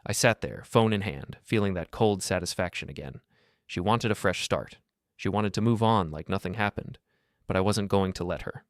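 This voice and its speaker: A middle-aged man tells a first-person revenge story in a low voice, cold and deliberate. The recording is dry and close, with no room sound. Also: dry recording. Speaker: narrator.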